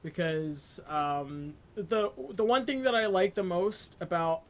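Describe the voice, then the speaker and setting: A game master in a casual tabletop session, joking and swearing among friends, then recapping the story with many pauses. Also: medium pitch.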